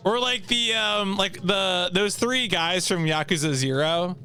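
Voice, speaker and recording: Male streamer, bright tone, unhurried delivery, reacts to chat, faint game music behind. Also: high voice. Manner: animated, laughs often, reacts to chat. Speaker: streamer playing a video game. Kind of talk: casual live-stream chat with viewers.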